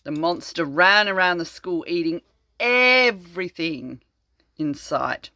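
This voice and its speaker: An older woman reading a storybook aloud to her grandchildren, slow and expressive, chatting to them about the pictures. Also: fairly low pitch, dry recording. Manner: slow and expressive, chatting to children between lines. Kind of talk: read-aloud storytelling to children.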